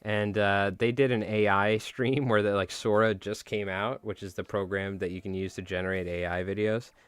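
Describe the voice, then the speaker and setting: A man's voice: fairly low pitch, fairly even intonation, moderate pace, clean tone, dry recording. A man chatting casually on a live stream while tying flies, rambling and joking at his own expense. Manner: rambling, self-mocking, joking.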